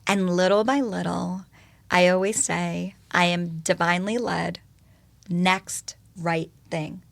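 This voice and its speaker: A woman talking as a podcast guest, telling her story in an animated, expressive way and swearing casually. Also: on the low side, takes it slowly, gravelly. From United States.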